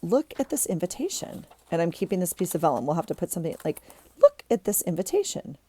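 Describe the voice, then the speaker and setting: A woman's voice: lowish voice, huge pitch swings, fast talker, warm tone. A woman vlogger chatting casually while she tidies her desk, rambling with many ums and restarts.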